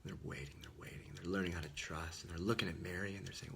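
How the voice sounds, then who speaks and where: A man's voice: sits low, fairly even intonation, fast, creaky, few pauses, fairly bright tone, husky. A man giving an earnest, informal Christian talk, often dropping to a whisper. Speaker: Catholic speaker. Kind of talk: casual sermon.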